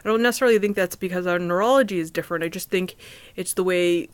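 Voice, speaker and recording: A woman talking casually to the camera alone in her apartment, halting, with many restarts and fillers. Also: on the low side, clear, resonant tone, no echo. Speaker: vlogger. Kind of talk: casual personal talk to camera.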